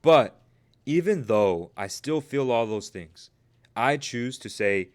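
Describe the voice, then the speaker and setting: A man's voice: mid-range voice, lively intonation, slow, darkish tone. A man coaching traders on a live stream, talking casually and emphatically to his viewers, often calling them "bro" and asking "right?". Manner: addresses viewers as "you guys" and "bro", repeats "right?"; emphatic, preachy motivational delivery. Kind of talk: live-stream talk answering chat.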